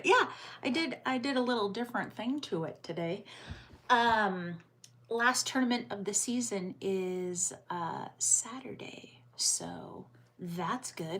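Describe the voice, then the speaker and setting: A woman's voice: mid-range voice, slow. Chatty American woman streaming from home. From United States. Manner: chatty, answers viewer comments aloud, drops into soft muttered asides. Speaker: livestream host. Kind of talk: casual livestream chat.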